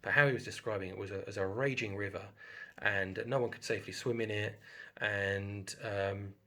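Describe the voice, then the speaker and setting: A man's voice: on the low side, steady tone, normal speed, pushed and bright. A man casually recounting a dream in a hesitant, rambling way, full of fillers and restarts. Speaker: video host. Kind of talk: casual storytelling about a dream.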